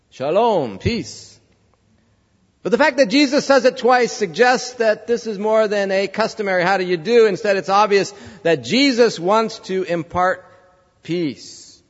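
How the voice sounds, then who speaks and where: A man's voice: sits high, in a large hall, muffled recording. A male pastor preaching a sermon, conversational, telling a story and asking the congregation questions. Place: church.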